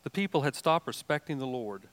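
An older man preaching a sermon in a folksy, animated way, mixing asides and jokes into his teaching. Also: mid-range voice, fairly quick. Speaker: pastor.

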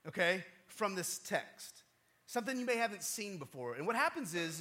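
A bright, high-pitched man delivers a sermon as a pastor. He tells a story with a lively, widely swinging voice. His tone is chatty, and he keeps checking in with his congregation. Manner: animated, conversational, keeps checking in with the audience.

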